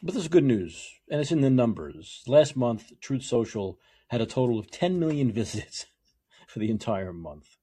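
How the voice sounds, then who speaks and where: A man hosting a political talk show, delivering a sarcastic, opinionated monologue that swings between yelling and quiet muttering. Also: medium pitch, sing-song, normal speed, slightly rough.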